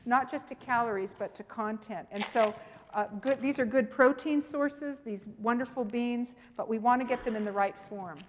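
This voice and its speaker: Woman seminar presenter, emphatic and animated, long hall reverb. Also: a little high, moderate pace, slight background noise. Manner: emphatic, animated, talks to the audience directly. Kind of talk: lively teaching with personal stories.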